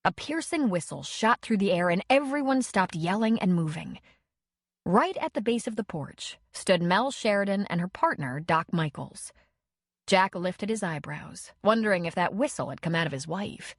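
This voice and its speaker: A woman's voice: medium pitch, no room sound, clean studio sound. Woman narrating a romance audiobook. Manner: measured, expressive storytelling.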